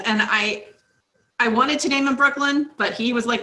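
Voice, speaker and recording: A woman's voice: a little high, steady tone, moderate pace, bright, forceful tone. A middle-aged woman, a guest author, chatting casually in an interview and laughing often between thoughts.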